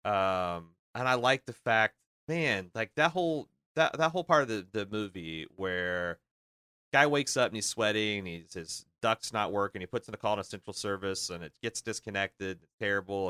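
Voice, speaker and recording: Male podcast co-host, bright crisp voice, lowish pitch, eager rambler, dry close mic. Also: normal speed, no room sound. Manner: enthusiastic, rambling with many fillers and restarts. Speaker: podcast co-host discussing a film. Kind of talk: casual chat.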